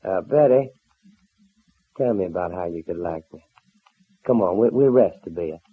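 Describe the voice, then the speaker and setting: An actor plays an easygoing young cowboy hero with folksy talk in a 1930s radio serial, sounding teasing. His voice sits low and is slightly rough, expressive, at a normal speed, heard through an old narrow-band radio transfer.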